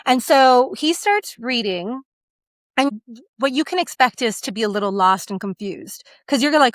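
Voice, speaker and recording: A woman co-hosting a podcast, retelling a book's plot in a lively, dramatic way and slipping into the characters' voices. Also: a little high, normal speed, dry recording. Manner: lively storytelling that acts out the scenes. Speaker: podcast co-host. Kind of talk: casual book discussion.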